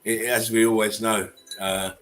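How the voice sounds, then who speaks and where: A man's voice: lowish voice, little pitch movement, measured pace, fairly bright tone, faint music behind, rough recording. A man hosting a casual livestream, talking bluntly, swearing and chuckling often. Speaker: channel host.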